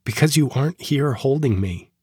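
A grieving young man, played by a man speaks softly in short, halting lines. His voice is husky and sits at a middle pitch, recorded dry and close. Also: animated, no room sound. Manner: halting, quiet, emotional. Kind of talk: dramatized chat transcript reading.

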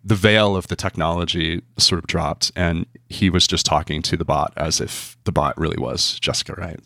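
A male journalist talks through an interview in a very deep voice. He thinks aloud and restarts phrases as he searches for words. The sound is dry and close. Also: fairly even intonation, moderate pace, bright, forceful tone, no room sound. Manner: thoughtful, repeats words while searching for them. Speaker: journalist guest. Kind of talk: interview conversation.

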